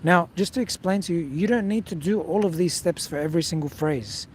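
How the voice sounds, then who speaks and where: Speaking fairly quickly in a voice on the high side, a man coaches singing in a casual video lesson. He addresses the viewer directly and keeps checking in with "okay?" A little hiss or hum can be heard.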